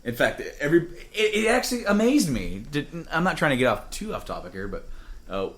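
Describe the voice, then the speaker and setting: A man's voice: on the high side, sing-song, brisk, a bit bright. A man hosting a gaming podcast in a studio, talking in a loose, rambling way. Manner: rambling, drinking beer while talking. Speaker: podcast host. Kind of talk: casual chat.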